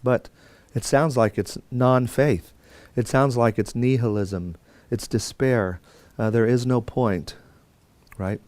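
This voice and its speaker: A man's voice: mid-range voice, slow, a little mellow, no room sound. A man teaching a Bible course in a conversational lecture style, with fillers and restarts and quotes acted out. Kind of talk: classroom lecture.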